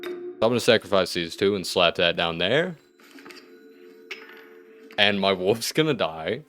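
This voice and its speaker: Male gamer host, deep voice, casual play-by-play with wry asides. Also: unhurried, music in the background. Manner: thinks aloud, wry asides, sudden excited outbursts. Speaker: gaming video host. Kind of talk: let's-play commentary.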